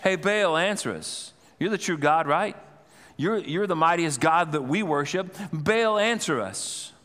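A preacher voicing a frantic crowd of pagan prophets, chanting and pleading. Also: male voice, on the high side, lively intonation, a little slow, a bit bright. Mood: desperate pleading. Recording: long church reverb.

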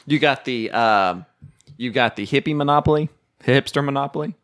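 A man from the United States hosting a relaxed chat about board games. He rambles with wry jokes and quick asides. His voice sits in an ordinary middle pitch. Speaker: podcast host. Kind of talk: casual chat.

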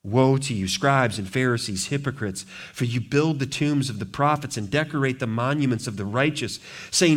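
Male pastor, sermon delivery, average pitch, emphatic with loud-soft swings. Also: normal speed. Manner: emphatic preaching, swinging between loud declarations and quiet asides.

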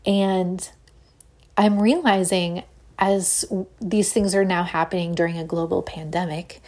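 A woman, hosting a casual solo podcast in a chatty, animated way with Valley Girl-ish phrasing. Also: medium pitch, slow pace, gravelly. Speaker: podcast host.

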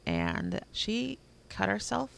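Gravelly-voiced chatty mom. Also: female voice, medium pitch, wildly swooping pitch, fairly bright tone. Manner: chatty storyteller, quick laughs. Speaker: podcast co-host. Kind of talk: casual chat.

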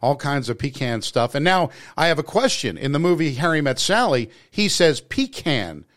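A man's voice: a little high, sing-song, moderate pace, fairly bright tone. Rambling New Jersey man chatting. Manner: rambling, many restarts and fillers. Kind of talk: casual chat.

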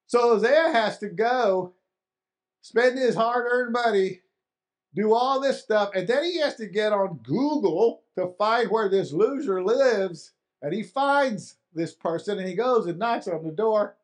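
Conversational preacher. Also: male voice, high-pitched, lively intonation, measured pace. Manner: conversational, repeats and restarts for emphasis. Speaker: pastor. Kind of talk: sermon.

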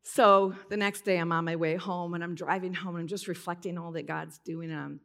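A woman's voice: fairly low pitch, steady tone, fairly quick, gravelly, background noise. A woman preaching a conversational, heartfelt sermon in church, telling a personal story with strong emotion. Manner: conversational, emotional, breaks into tears while retelling.

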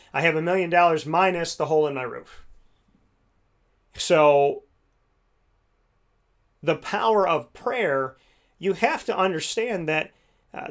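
A man's voice: on the high side, fairly bright tone. Rambling man talking about prayer. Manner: rambling, many "you know"s, restarts. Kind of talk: casual talk on faith and prayer.

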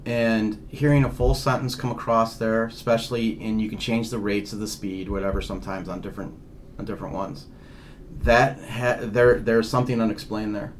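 A man's voice: fairly low pitch, fairly even intonation, normal speed, a little hiss or hum. A man co-hosting a casual talk about ghost hunting, rambling and restarting his sentences. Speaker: paranormal investigator, co-host. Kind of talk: casual podcast chat.

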